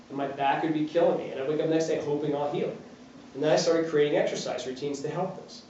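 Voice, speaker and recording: A man gives an informal fitness talk. His voice sits a little high, and he keeps it chatty with rhetorical questions. The recording is dull and lo-fi, picked up from a distance in a very echoey lecture room. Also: a little mellow, slight background noise. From New Jersey. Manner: chatty, uses rhetorical questions and acted-out quotes. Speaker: fitness trainer giving a talk. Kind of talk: informal talk to a small audience.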